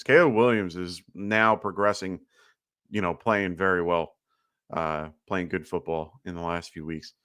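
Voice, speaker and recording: A man's voice: low voice, a bit bright, clear, resonant tone, no room sound, clean studio sound. A man with a slight lisp hosting a live fantasy football Q&A, talking loosely with lots of fillers and sounding short on sleep. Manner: loose, chatty, many fillers. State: tired from little sleep. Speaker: fantasy football livestream host. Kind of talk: casual live Q&A commentary.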